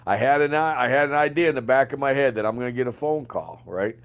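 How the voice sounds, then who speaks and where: A man's voice: medium pitch, fast. An older man, a retired soldier, telling stories in a casual interview, acting out the dialogue and swearing freely. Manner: animated storyteller, acts out quoted dialogue, swears freely. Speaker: guest, retired Green Beret sergeant major.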